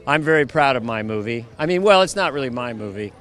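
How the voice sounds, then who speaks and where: A man's voice: medium pitch, expressive, fast talker, a bit bright. A man who is an actor and comedian joking around in a press interview, playful and prone to slipping into impressions.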